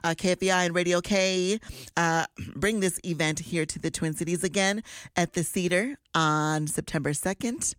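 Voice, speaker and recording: Woman radio host, lowish voice, effusive and teary, dry studio sound. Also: normal speed, fairly bright tone, dry recording. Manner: gushing, effusive, lots of sighs and exclamations. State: teary, emotional. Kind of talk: morning radio chat and event announcements.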